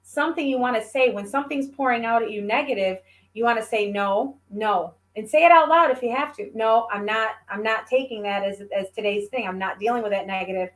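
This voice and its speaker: A woman's voice: fairly high pitch, fairly quick. A woman chatting casually as a guest, telling stories animatedly and acting out the voices of the people she quotes. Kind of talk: casual chat.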